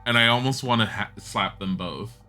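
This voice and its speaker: A man's voice: fairly low pitch, moderate pace, sharp tone, soft background music. A man who streams games, giving blunt, chatty commentary, thinking aloud and swearing now and then. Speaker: game streamer. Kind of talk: casual gameplay commentary.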